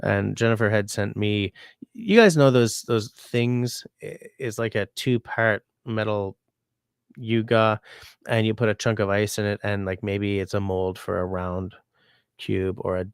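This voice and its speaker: Man, host reading viewer comments, rambling, sick, lowish voice. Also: gravelly, clear, resonant tone, no echo, clean studio sound. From Canada. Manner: rambling, relaxed, reads viewer comments aloud. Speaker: livestream host. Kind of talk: casual livestream chat.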